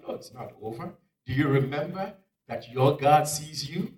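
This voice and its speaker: A male preacher giving a dramatic sermon, swinging from loud exclamations down to near-whispers. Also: fairly high pitch, lively intonation, normal speed, slight background noise. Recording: echoey room, picked up from far off.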